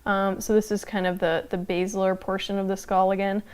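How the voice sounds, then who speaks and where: A woman teaching a casual live online anthropology lecture, chatty and loose with frequent fillers and quick laughs. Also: mid-range voice, little pitch movement, smooth. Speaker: anthropology instructor.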